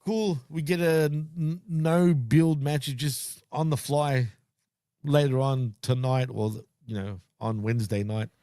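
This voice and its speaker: A man's voice: medium pitch, unhurried, mellow, clear, resonant tone, dry recording, studio quality. A man co-hosting a casual wrestling podcast, blunt and opinionated in his takes. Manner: blunt, opinionated, laughs along. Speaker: podcast co-host. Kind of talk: casual wrestling recap chat.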